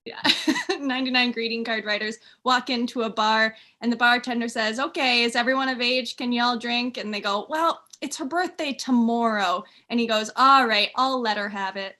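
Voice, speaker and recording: Woman, improv player, bright and a little high, voices the punchlines. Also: moderate pace. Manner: acts out quoted voices in the jokes. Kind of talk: telling quick jokes.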